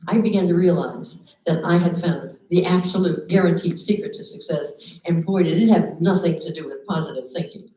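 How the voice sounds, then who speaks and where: Woman motivational speaker, animated storyteller, echoey room, muffled recording. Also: fairly low pitch, a little fast. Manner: lively storyteller, acts out quoted people. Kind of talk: live talk to an audience with slides. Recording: echoey room, dull lo-fi sound.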